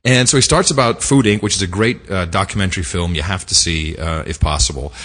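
A man co-hosting a podcast, telling stories in a casual, animated and indignant way. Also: deep voice, fairly quick, big-room sound. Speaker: podcast co-host. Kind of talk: casual chat.

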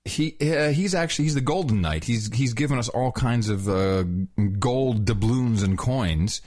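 A man co-hosting a podcast in casual chat, lively and joking, rambling with frequent restarts. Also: mid-range voice, moderate pace. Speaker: podcast co-host.

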